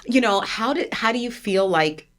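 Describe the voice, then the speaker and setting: A woman in her forties with a New Jersey accent, co-hosting a podcast in an animated, emphatic chat that repeats words. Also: fairly high pitch, moderate pace. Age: 40s. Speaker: podcast co-host. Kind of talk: casual chat.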